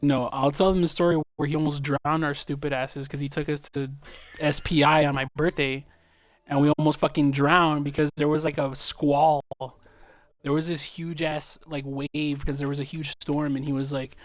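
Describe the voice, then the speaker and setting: A man's voice: on the high side, steady tone, fairly quick. A young man streaming a game, telling loose, profane stories in casual chat.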